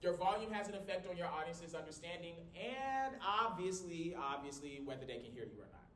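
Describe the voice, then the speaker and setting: A college instructor lectures in a small room, recorded from across the room with no microphone, so the sound is echoey and distant with a low rumble. He speaks fairly quickly in a lively, joking manner, swinging his volume and pitch up and down to demonstrate.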